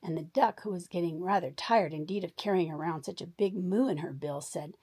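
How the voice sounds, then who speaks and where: A woman reading a children's story aloud in a warm, expressive bedtime storytelling manner. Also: lowish voice, a little fast, breathy edge.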